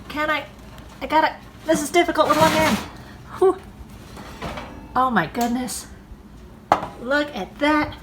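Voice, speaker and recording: A woman hosting a casual cooking show from her home kitchen, talking chattily and excitably to viewers as she works through each step. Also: medium pitch. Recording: background noise and clicks.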